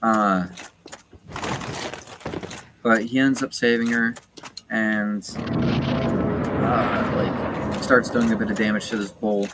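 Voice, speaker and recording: A man's voice: lowish voice, slow, long pauses. A man streaming a game in casual chat, retelling a story in a rambling way with many fillers. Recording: loud steady background noise.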